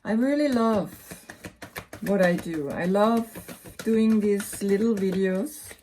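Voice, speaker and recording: A woman's voice: mid-range voice, takes it slowly, dark tone, slight background noise. A woman with a German accent giving a casual tarot reading, rambling and often repeating words. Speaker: tarot reader.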